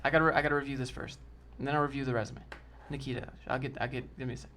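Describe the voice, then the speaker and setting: A man's voice: mid-range voice, little pitch movement, racing, fairly bright tone, a little hiss or hum. Slangy man chatting on a livestream. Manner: loose and slangy, calls people dude and bro. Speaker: streamer answering chat. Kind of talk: casual livestream chat.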